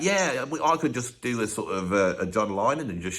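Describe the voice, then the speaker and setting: A man's voice: lowish voice, big pitch swings, moderate pace, few pauses, fairly bright tone. A man hosting a ranked music commentary, chatty and opinionated with joking asides. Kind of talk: casual ranked commentary monologue.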